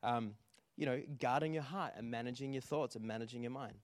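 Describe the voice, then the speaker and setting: A man delivering a sermon in an animated, storytelling way, often checking in with the congregation. His voice sits at an ordinary middle pitch. The sound is dry and close, with little room echo. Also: fairly quick. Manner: animated storytelling with audience call-outs. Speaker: pastor.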